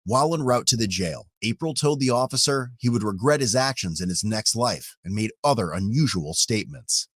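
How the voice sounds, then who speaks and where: A man's voice: fairly low pitch, expressive, a little fast, few pauses, a bit bright, no echo, clean studio sound. A man reading matter-of-fact scripted narration. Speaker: documentary narrator.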